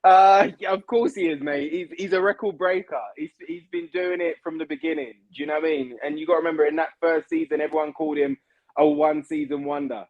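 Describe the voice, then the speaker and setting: A man's voice: a little high, fast, no echo, muffled recording. Slangy man, dry close sound. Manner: slangy and animated, repeating words. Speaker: podcast guest. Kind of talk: casual chat over a video call.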